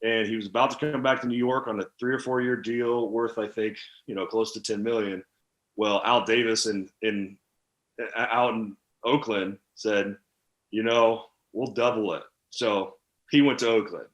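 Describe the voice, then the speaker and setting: Man, thirties, low-ish voice, casual candid storytelling, echoey room. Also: moderate pace. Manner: animated, candid storytelling with fillers. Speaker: podcast guest, former NFL tight end.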